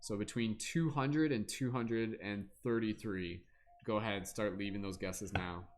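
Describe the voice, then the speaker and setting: A man with a fairly low, steady voice hosts a tarot reading livestream. He talks loosely and casually, filling pauses with fillers and hummed "da da da" sounds.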